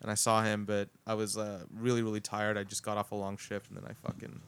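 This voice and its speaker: A man's voice: lowish voice, completely flat delivery, fast talker, clear, resonant tone, no room sound. A young man hosting a podcast, talking in a laid-back, casual way with lots of fillers and swearing. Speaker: podcast host. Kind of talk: casual chat.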